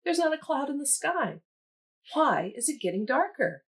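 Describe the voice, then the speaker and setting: A woman reading aloud and voicing an excited, alarmed female hen in a children's storybook. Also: sits high, moderate pace, pitched above the performer's own voice. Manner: excited, exclaiming.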